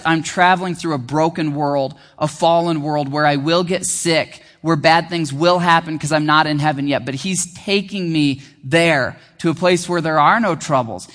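Earnest pastor preaching in a reverberant hall. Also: male voice, fairly high pitch, a bit bright. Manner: earnest, conversational preaching with repeated restarts; slows down for key phrases. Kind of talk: sermon.

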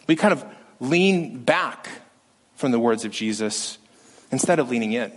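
Animated pastor preaching a sermon. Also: male voice, mid-range voice, a little slow. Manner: lively, animated delivery with acted-out quotes.

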